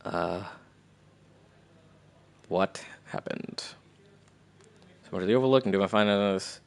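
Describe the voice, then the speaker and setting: A man's voice: sits low, takes it slowly, vocal fry. A man doing casual live commentary on a game playthrough, reading in-game messages aloud and adding slangy quips. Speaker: streamer.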